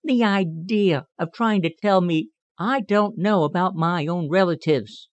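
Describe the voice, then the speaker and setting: A man's voice: sits high, dry recording, lo-fi sound, voice pushed up, close to an everyday voice. A man doing an indignant young rabbit. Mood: cross. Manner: proud, quick to protest. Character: curious, indignant young male cottontail rabbit. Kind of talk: audiobook character reading.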